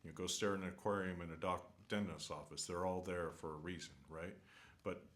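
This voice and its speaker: A man with a very low voice rambles through an unscripted vlog rant. He talks casually from a hotel room, earnest and opinionated, and keeps circling back with fillers and half-started sentences. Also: steady tone, a little fast, fairly bright tone. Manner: rambling, many fillers and restarts. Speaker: travel vlogger.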